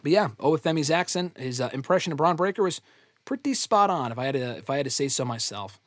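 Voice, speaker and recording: A man's voice: on the high side, lively intonation, fast, dry recording. A man hosting a live fan question show, talking loosely and bluntly with casual swearing. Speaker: host answering fan questions.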